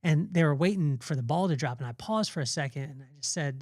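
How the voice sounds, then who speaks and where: A man with a somewhat high voice, recorded dry and close with no room sound. He gives a casual devotional talk as a podcast host. He is earnest and rambling, repeating phrases as he goes. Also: quick pace, hardly any pauses, a little mellow, no room sound.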